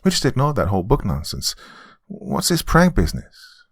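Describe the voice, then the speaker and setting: A man's voice: medium pitch, huge pitch swings, normal speed, breathy edge, no room sound, clean studio sound, pitched above the performer's own voice, exaggerated voice. A man voicing a young mother who blurts out hasty, put-on innocence. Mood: feigned.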